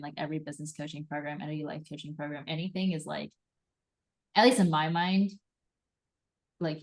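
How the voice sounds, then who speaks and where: A woman hosting a live card reading, enthusiastic and animated, acting out little quoted voices as she coaches. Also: sits low. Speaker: host and intuitive reader.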